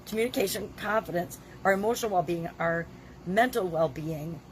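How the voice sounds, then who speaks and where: A sixty-something woman vlogs in her daily video journal with a lowish voice and a slightly quick pace. A cold has left her throat scratchy, so she coughs occasionally while speaking emphatically and plainly.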